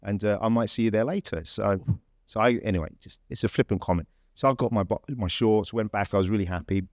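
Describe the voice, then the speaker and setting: A man's voice: on the low side, fast, darkish tone, dry recording, clean studio sound. English man telling a rambling story. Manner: chatty, rambling storyteller with many fillers and restarts. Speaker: podcast host. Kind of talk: casual anecdote telling.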